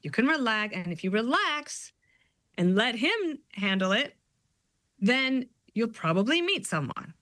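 A woman guest author chats in a casual interview with a bright, clear tone. She tells stories in an animated way and slips into playful quoted voices. Her voice sounds close and dry. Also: fairly high pitch, measured pace, no echo.

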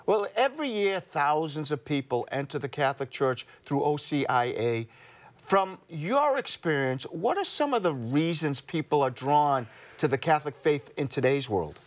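A man's voice: fairly high pitch, big pitch swings, moderate pace. A man hosting a religious TV talk show, upbeat and conversational, introducing segments and guests. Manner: upbeat, conversational, reads promos. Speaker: TV show host.

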